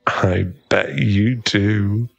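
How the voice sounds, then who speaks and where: A cocky young bully played by a man needles and mocks in a whispered role-play, his voice husky and gravelly. He drawls slowly in a lowish register. The sound is close and dry. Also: no room sound, dull audio, exaggerated voice. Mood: smug. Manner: smug, mocking, drawling. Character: cocky teasing male bully, young adult. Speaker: ASMR roleplay performer.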